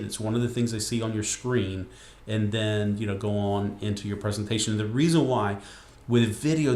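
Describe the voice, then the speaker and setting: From a desk in his home room near a window, a webcasting instructor gives a casual, rambling tutorial full of fillers and restarts, captured through computer screen recording. His voice is on the low side and a little mellow, with a roomy sound.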